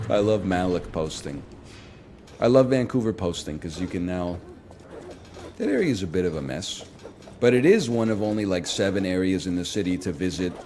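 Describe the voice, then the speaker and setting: A man chatting casually on a stream, telling long rambling stories in a lively, joking way. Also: deep voice, a little hiss or hum. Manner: rambling, animated, jokey storyteller. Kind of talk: casual storytelling chat.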